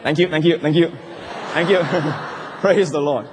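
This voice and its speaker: A man preaching a sermon as pastor, swinging from loud cries down to low, quiet asides. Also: unhurried, crowd noise, background noise. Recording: long hall reverb.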